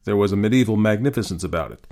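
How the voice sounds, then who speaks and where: A man hosting and reading a classic short story aloud in an expressive, varied narrating style. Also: on the low side, racing. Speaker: host and story reader. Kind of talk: scripted narration.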